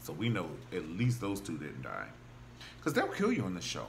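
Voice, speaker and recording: A man recaps a TV drama in a loose, gossipy way, often slipping into the characters' voices. His pitch swings widely as he talks. A faint hiss sits under the recording. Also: normal speed, gravelly. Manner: animated and gossipy, acts out quotes of characters. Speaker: TV show reviewer. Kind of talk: casual recap and commentary.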